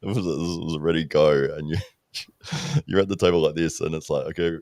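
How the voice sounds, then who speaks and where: A man's voice: extremely low pitch, fairly quick, darkish tone, no room sound, clean studio sound. A man co-hosting a casual podcast, chuckling as he recalls a funny video. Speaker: podcast co-host.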